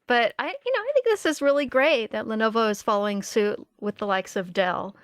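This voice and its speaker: A woman co-hosting a tech podcast in casual chat, upbeat and quick to laugh. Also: fairly high pitch, no echo, clean studio sound. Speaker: podcast co-host. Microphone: studio mic.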